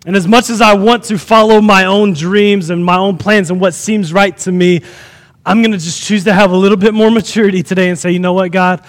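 A man's voice: high voice, fairly even intonation, fairly quick, in a large hall. A man pastor preaching a sermon to his congregation, repeating phrases for emphasis and asking the room questions. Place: church sanctuary.

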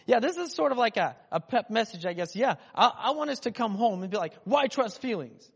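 Joking pastor preaching in a large hall. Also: male voice, high voice, a little fast, gravelly, breathy edge. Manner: conversational, joking, animated. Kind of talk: casual sermon. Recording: muffled in a reverberant hall.

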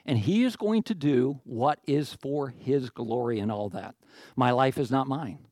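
Animated preacher with a dry sound. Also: male voice, mid-range voice, a little slow, no room sound. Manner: animated, jokey asides, acts out quoted voices. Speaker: pastor. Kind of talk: sermon.

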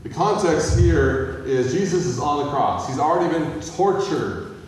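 A man's voice: on the high side, lively intonation, unhurried, slight background noise. A man preaching a sermon as a pastor, talking casually and asking the listeners questions. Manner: conversational, asks the audience questions. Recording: echoey hall from far off.

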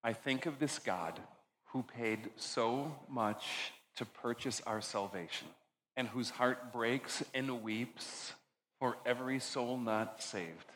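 A man preaching a sermon as pastor, earnest, slowing down for emphasis and dropping low and soft on key lines before leading communion. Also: a little hiss or hum, low-quality recording.

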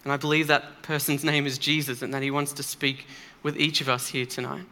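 A man's voice: fairly high pitch, little pitch movement, a little fast, bright, forceful tone. A man preaching a sermon in a church, earnest and emphatic, speaking conversationally with occasional fillers.

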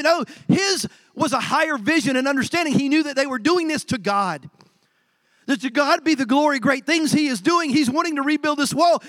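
A middle-aged man preaching a sermon as pastor, swinging from low, quiet stretches to loud, emphatic outbursts. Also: no echo.

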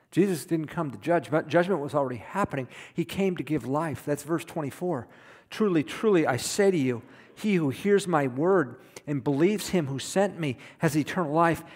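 Middle-aged guy preaching, kinda high voice, punchy and repeats himself, big echoey church sound. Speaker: pastor. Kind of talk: sermon. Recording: long reverb of a hall.

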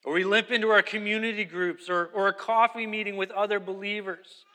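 Emphatic high-voiced man preaching. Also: steady tone, a little fast, sharp tone, in a large hall. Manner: emphatic preaching, repeats key phrases. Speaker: pastor. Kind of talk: sermon.

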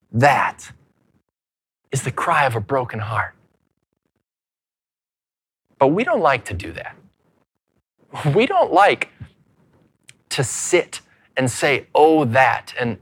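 A man pastor preaching a sermon earnestly, repeating words as he goes and dropping to hushed lows between loud points. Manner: frequent repeated words and restarts.

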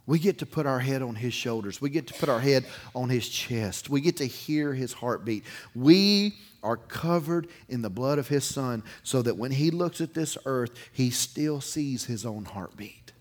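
A man preaching a sermon, telling a story in a folksy, animated way that swings from loud to hushed. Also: medium pitch, moderate pace, hardly any pauses.

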